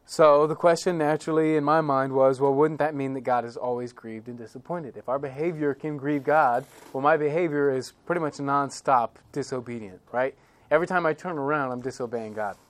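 This pastor's medium-pitched voice moves a little fast as he preaches in a conversational manner. He keeps checking in with listeners and alternates between quiet heaviness and louder emphasis.

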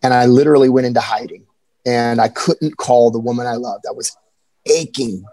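An earnest young man tells his own story candidly. He has an average-pitched voice and often stumbles and restarts mid-sentence. The sound is dry and close. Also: warm tone, dry recording, rough recording. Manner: earnest, halting with frequent restarts. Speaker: personal storyteller. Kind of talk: candid personal account.

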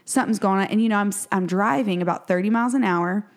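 A woman in her forties, co-hosting a podcast, tells a story in casual chat and speaks fast, acting out quotes with lively leaps in pitch.

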